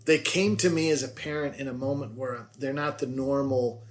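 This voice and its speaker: A middle-aged man appears as a guest on his daughter's podcast, telling family stories in a rambling, self-deprecating way with lots of restarts. His voice is medium-pitched at a normal speed, suited to the casual storytelling chat.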